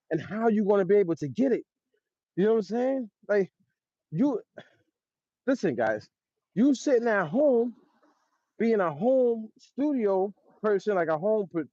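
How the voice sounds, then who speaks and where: High-voiced New man telling studio stories. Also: no room sound. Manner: loose and animated, acts out studio voices with laughs. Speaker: music producer. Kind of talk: casual storytelling. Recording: dull dry sound.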